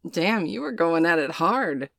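A woman's voice: lowish voice, sing-song, measured pace, creaky, fairly bright tone, no echo, exaggerated voice. A woman voicing a friendly, upbeat young woman at a party, chirpy and a little cheeky. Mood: cheerful.

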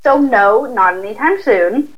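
A woman's voice: a little high, lively intonation, measured pace. A young woman with a Southern US accent, chatting as a guest in a laid-back way, full of "like" fillers. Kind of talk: casual chat. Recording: tinny phone line.

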